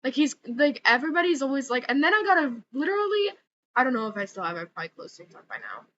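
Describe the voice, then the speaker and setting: A young woman vents in a loose, rambling vlog, swearing freely and leaning on "like" between every thought. Her voice is bright and sharp, set a little high. The audio is slightly dull and lo-fi, with a faint hiss underneath. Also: big pitch swings, quick pace. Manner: profane, exasperated, many fillers like "like". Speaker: vlogger. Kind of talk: casual ranting vlog.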